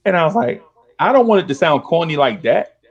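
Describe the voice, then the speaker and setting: Speaking briskly in a fairly high pitch, a middle-aged man on his podcast spins street stories packed with slang, casually acting out the voices of old friends in animated fashion. The audio is dull.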